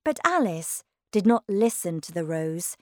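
A woman narrating a storybook in a slow, expressive, clearly paced reading. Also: lowish voice, dry recording, clean studio sound.

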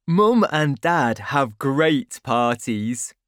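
A woman's voice: a bass voice, lively intonation, very slow, dry recording, clean studio sound, exaggerated voice. A woman voicing a friendly young boy welcoming his friends in a storybook reading. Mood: cheerful.

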